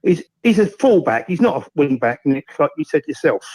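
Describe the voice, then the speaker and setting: A caller on the phone, rambling and hesitant as he talks football. His voice sits a bit high, and the sound is very dry and close. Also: big pitch swings, moderate pace, a little mellow, slightly rough, no echo, poor audio. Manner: rambling, hesitant, full of ums.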